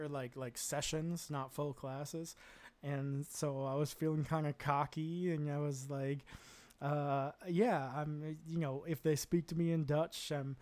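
A man's voice: a little high, a little mellow. An American man hosting a casual solo podcast, telling stories in a rambling, self-deprecating way with frequent chuckles and fillers. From United States. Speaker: podcast host.

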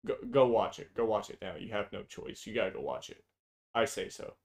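A man's voice: on the low side, lively intonation, fairly quick, creaky. A man co-hosting a casual chat, blunt and profane, opinionated and prone to long tangents. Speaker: podcast co-host.

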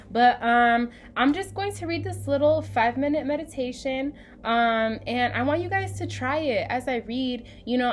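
A woman co-hosting a casual spiritual podcast, chatty and full of ums, talking to listeners as "you guys". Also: high voice. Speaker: podcast co-host.

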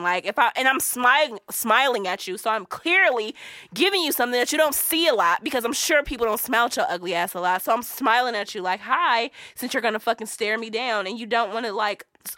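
A woman's voice: fairly high pitch, sharp tone, no room sound, clean studio sound. A woman co-hosting a podcast, talking in a blunt, profane, casual ranting way, full of "like". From United States. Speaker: podcast co-host. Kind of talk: casual chat.

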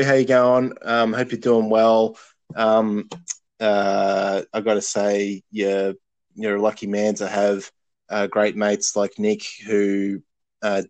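A man's voice: on the low side, no echo. A man, a podcast guest on a remote call, talking casually with many ums and restarts. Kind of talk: casual chat and joke telling.

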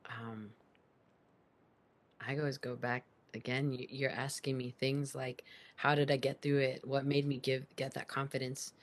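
A woman guest on a podcast, telling a personal story in an animated, emphatic way. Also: a bass voice, measured pace. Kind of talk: casual storytelling interview.

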